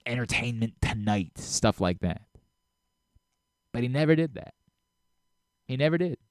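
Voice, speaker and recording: A middle-aged man hosting a sports radio talk show, talking in an animated way with frequent restarts and self-corrections. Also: medium pitch, unhurried, dry recording, clean studio sound.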